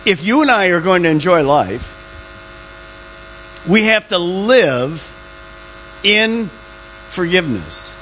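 Lively preaching man, faint hum. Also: sits high, poor audio. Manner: emphatic, drawn-out key words. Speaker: pastor. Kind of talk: sermon.

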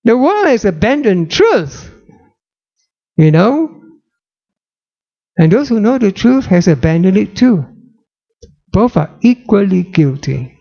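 A man's voice: high-pitched, big pitch swings, takes it slowly, vocal fry, pauses often, a little mellow, muffled recording. A man preaching a sermon dramatically, using rhetorical questions.

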